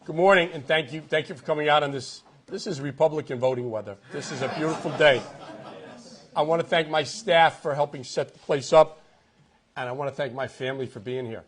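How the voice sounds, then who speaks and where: Man, New York accent, middle-aged, campaign speech, punchy and repetitive, high voice. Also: a little fast. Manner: punchy rally speaker, repeats lines for effect. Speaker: political candidate. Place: outdoors at a golf club event. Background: crowd.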